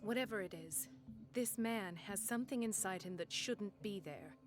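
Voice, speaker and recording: A woman's voice: mid-range voice, normal speed, over music, close to an everyday voice. An actress playing a determined female doctor in video game dialogue, speaking in an earnest, firm way. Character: determined young female doctor, principled and blunt.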